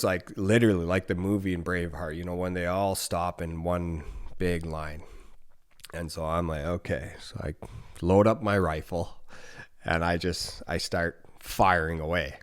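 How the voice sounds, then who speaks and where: A man in his thirties from northern Canada, telling a story as a podcast guest in a relaxed, rambling way with swearing and restarts. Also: low-pitched, measured pace, clear, resonant tone. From Nunavut, northern Canada. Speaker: podcast guest, former hockey player. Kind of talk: casual storytelling.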